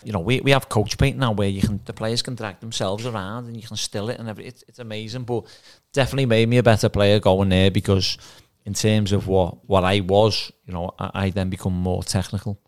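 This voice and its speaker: A former footballer who became a manager tells stories from his career in a relaxed podcast chat, acting out the dialogue he quotes. His voice is fairly low and steady, a little fast, with few pauses, and his anecdotes are chatty.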